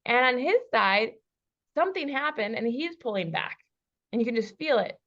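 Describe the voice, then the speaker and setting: A woman coach telling a lively personal story, acting out the dialogue in different voices and laughing often. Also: fairly high pitch, moderate pace, highs cut off. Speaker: relationship coach. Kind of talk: storytelling in a podcast interview. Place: lives in Bali.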